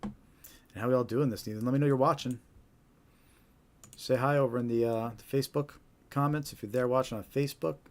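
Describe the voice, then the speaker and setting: A man's voice: medium pitch, steady tone, fairly quick, long pauses. A man hosting a live stream, talking casually and often asking "right?". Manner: casual, repetitive, tag questions. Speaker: host.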